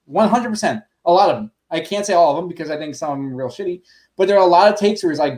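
A man's voice: sits high, animated, fast, darkish tone. A man on a podcast ranting bluntly, swearing often in casual chat.

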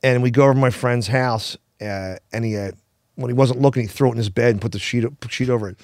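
A man's voice: medium pitch, a little mellow, no room sound, studio quality. A man telling long rambling stories in casual podcast chat, stumbling over restarts. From Philadelphia area. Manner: rambling, halting with many restarts. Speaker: podcast guest. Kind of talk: casual storytelling.

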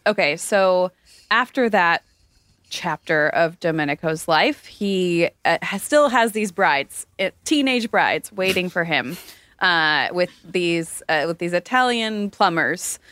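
A woman's voice: on the low side, animated, slow, a bit bright, no echo. A woman casually summing up a novel's plot in a chat with friends, slipping into mocking voices for the characters.

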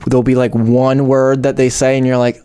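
A man's voice: mid-range voice, level tone, a little fast, warm tone, clean tone. A man co-hosting a podcast, chatting casually and rambling with lots of filler "likes.". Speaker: podcast co-host. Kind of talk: casual chat.

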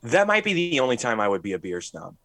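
A man's voice: medium pitch, very animated, fast, a bit bright, no room sound. A man co-hosting a podcast in casual chat, blunt and emphatic, swearing freely as he gives strong opinions. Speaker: podcast co-host.

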